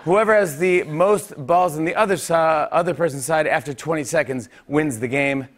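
A man hosting a talk show game segment, shouting directions, laughing a lot and a little out of breath. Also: fairly high pitch, moderate pace. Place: TV studio stage. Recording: studio crowd and room noise.

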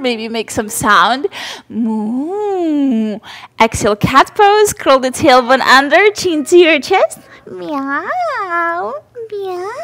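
A woman leading a mother-and-baby yoga class, giving gentle, encouraging cues and cooing to her baby between poses. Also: sits high. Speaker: yoga instructor. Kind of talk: guided yoga class instruction.

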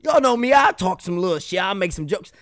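A man's voice: high-pitched, big pitch swings, fairly quick, fairly bright tone. A young man hosting a music reaction video, ranting casually in slang and swearing in exasperation. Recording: faint music behind the voice.

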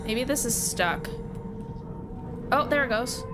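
A woman's voice: fairly high pitch, lively intonation, slow pace, loud music behind the voice. A woman from the United States, chatting casually as a live game streamer, rambling and laughing often. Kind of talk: casual live gaming chat.

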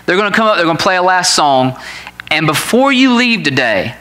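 A man in his forties, a pastor, telling a family story in a sermon in an animated way, laughing at his own tale. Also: high-pitched, brisk.

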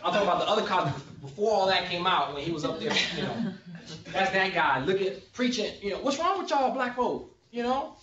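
Animated man lecturing in an echoey room. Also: sits high, fast, crowd noise. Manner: joking, animated, often checks in with the audience. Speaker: sociologist giving a presentation. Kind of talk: conversational lecture to a committee. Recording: echoey room, distant and dull.

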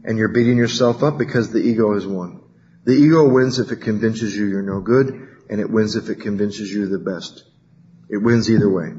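At a recovery workshop, a Californian man with a mellow voice speaks at normal speed, telling stories and acting out quoted voices. The recording is dull and low-fidelity with a faint hiss.

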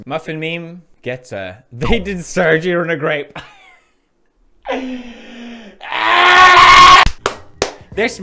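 A man hosting a comedic meme-rating show, goofy and animated, swinging from mumbling to shouting. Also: on the high side. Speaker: YouTuber host.

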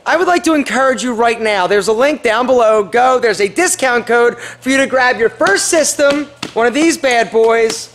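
Host, male, high and upbeat, echoey room. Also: moderate pace, few pauses, fairly bright tone. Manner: upbeat, laughs often, playful. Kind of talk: casual group chat. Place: office.

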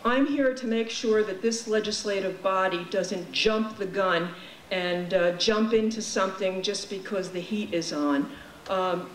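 Woman, public commenter, blunt casual talk, echoey chamber. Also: medium pitch. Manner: frank, exasperated, casual phrasing. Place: legislature chamber. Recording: echoey chamber, faint crowd and noise.

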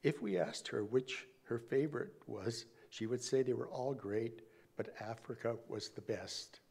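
A man delivering a eulogy in a church, reading carefully from prepared notes. His voice sits in an ordinary middle pitch, and he stumbles and restarts now and then. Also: a little mellow. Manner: measured, reading aloud with small slips and restarts. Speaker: family member giving a eulogy.

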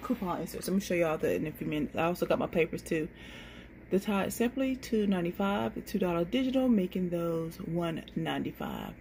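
This woman vlogger has a lowish, slightly mellow voice and sounds animated, talking fairly quickly. She chats to camera through coupon deals, listing each item's price and saying "y'all," over a little hiss or hum.

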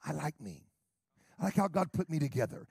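A middle-aged American man, a pastor, preaching a brash, sarcastic sermon that swings from quiet asides to shouts. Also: fairly high pitch, big pitch swings, brisk, vocal fry, slightly rough, no room sound, clean studio sound. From United States.

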